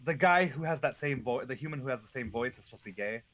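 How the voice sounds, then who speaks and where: Regular guy gabbing on voice chat while gaming, rambly, lots of uh and like, mid pitch. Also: expressive, quick pace, crowd noise. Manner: rambling, chatty storytelling with fillers. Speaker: co-op gamer.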